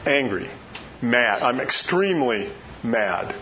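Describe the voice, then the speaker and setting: A man's voice: fairly high pitch, lively intonation, normal speed, muffled recording, a little hiss or hum. An older man preaching a sermon in a folksy way, full of rhetorical questions.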